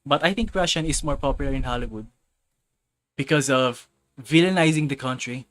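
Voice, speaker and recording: A man's voice: medium pitch, fairly quick, fairly bright tone, a little hiss or hum. A man chatting casually on a live stream, rambling and often restarting and repeating himself, speaking English as a second language. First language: not English.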